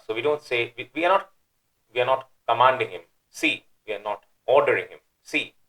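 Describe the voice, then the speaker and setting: A man's voice: medium pitch, fairly bright tone, low-quality recording. A man teaching a Quran verse, methodically explaining word choices and thinking aloud as he weighs the options.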